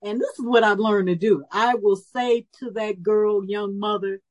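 A woman of about seventy telling a personal story at a recovery meeting, lively and animated, acting out the voices she quotes. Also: medium pitch, normal speed, few pauses, poor audio. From Chicago area. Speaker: speaker sharing her story at a recovery meeting.

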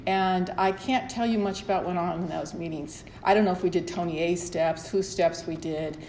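A woman's voice: on the low side, moderate pace, darkish tone, a little hiss or hum. A middle-aged woman telling her own story at a support meeting in a candid, rambling way with restarts. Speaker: recovery meeting speaker. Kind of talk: personal sharing at a support meeting. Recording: echoey room, faint ambience.

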